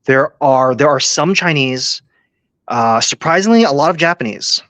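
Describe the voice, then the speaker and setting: A man's voice: medium pitch, lively intonation, moderate pace, fairly bright tone, no echo. A man chatting as a guest, hesitant and stammering, often repeating his words. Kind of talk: casual podcast chat.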